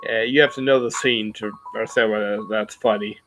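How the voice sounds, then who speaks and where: A man's voice: on the low side, steady tone, fairly quick, fairly bright tone, faint music behind, rough recording. Rambling man chatting to his viewers. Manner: rambling, self-reflective, many fillers and restarts. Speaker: YouTuber talking to his viewers. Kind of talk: casual livestream chat.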